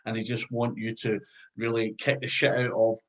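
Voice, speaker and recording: A man's voice: fairly low pitch, monotone, moderate pace, poor audio. A Scottish man interviewing musicians in a rambling, enthusiastic casual chat, swearing freely. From Scotland.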